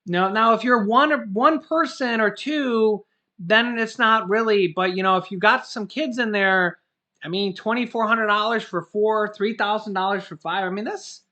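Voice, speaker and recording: A man's voice: high voice, normal speed, pushed and bright. A man co-hosting a casual news chat show, talking loosely and joking. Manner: chatty, jokey, acts out quotes. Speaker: co-host.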